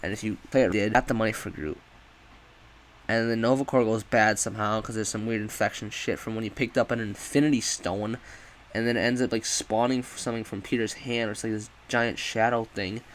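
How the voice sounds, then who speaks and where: A man's voice: on the low side, fairly even intonation, brisk, slight background noise, poor audio. A man giving a rambling, profane, casual review of a video game, often correcting himself.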